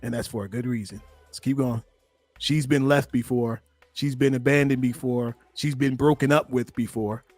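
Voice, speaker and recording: A man working as a relationship coach, giving animated, emphatic commentary on a played clip and speaking straight to his listeners. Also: medium pitch, normal speed, no room sound, faint music behind.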